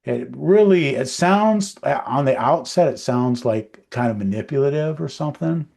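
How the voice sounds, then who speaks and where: Podcast co-host, male, casual and meandering, average pitch, lots of filler. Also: moderate pace, vocal fry. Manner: relaxed, rambling, many fillers and restarts.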